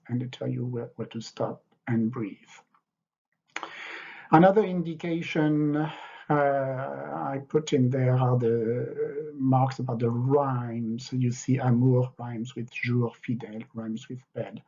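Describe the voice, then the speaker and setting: Older man, husky. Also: medium pitch, level tone, takes it slowly, warm tone. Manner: hesitant, many fillers, explanatory. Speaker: French literature teacher. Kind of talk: lecture with poetry reading. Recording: dull, lo-fi.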